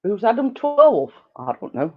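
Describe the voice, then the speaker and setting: Middle-aged woman, home live-stream host, rambling and giggly, slow delivery, muffled lo-fi audio. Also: fairly high pitch, big pitch swings. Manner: rambling and chatty, many fillers and giggles. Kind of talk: casual live-stream chat. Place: living room at home. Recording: dull lo-fi home recording.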